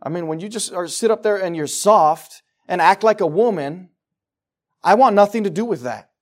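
A man preaching a sermon to his congregation in church, swinging from loud declarations to quiet, low asides. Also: animated, moderate pace. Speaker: pastor.

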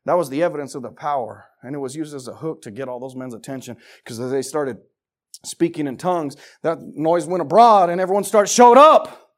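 A man preaching a sermon with passion, firing rhetorical questions, shouting at the peaks and dropping to hushed tones. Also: on the high side, fairly quick.

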